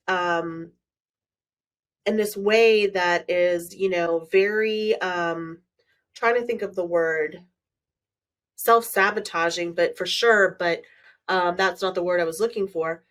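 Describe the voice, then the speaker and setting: A woman's voice: medium pitch, recorded from a distance. A woman hosting her own podcast as a manifestation coach, talking frankly and bluntly in a solo monologue, swearing freely.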